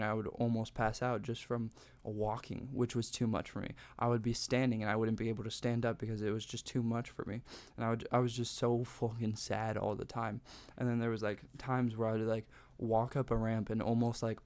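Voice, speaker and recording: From his bedroom, a young man vlogs a personal story, rambling casually, leaning hard on "like," and swearing often. He has a lowish, slightly mellow voice.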